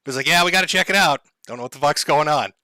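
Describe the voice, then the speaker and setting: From home, a man hosts a casual livestream using headphones and a desk mic, ranting sarcastically with frequent laughs, swearing and mock-tragic asides. His slightly high voice is quick and sharp, recorded dry with clean studio sound.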